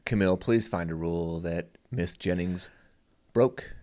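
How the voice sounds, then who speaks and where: A man's voice: low voice, unhurried, darkish tone. A man co-hosting a podcast in casual banter. He teases his co-host, laughs a lot and jumps from topic to topic. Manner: teasing, laughs often, jumps between topics.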